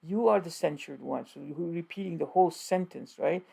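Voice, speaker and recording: A man giving an informal Arabic grammar lesson, speaking haltingly with many fillers and patiently repeating and translating each example. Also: on the high side, gravelly, warm tone, slightly rough.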